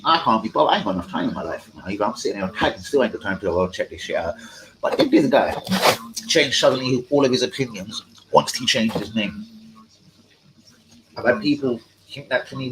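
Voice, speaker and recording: A man's voice: mid-range voice, fairly bright tone, a little hiss or hum, poor audio. A man hosts a live-stream football chat, talking in a casual, rambling way with slang and heavy swearing. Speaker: fan channel host.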